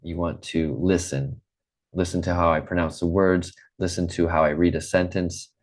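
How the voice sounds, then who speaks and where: A man with a very low voice leads a live online English lesson. He grew up in the Midwest and talks slowly and plainly, repeating himself and checking in with his students. He is heard through a computer mic on a video call. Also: little pitch movement, a little mellow. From Midwest United States. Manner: slow, clear, repeats and checks with okay.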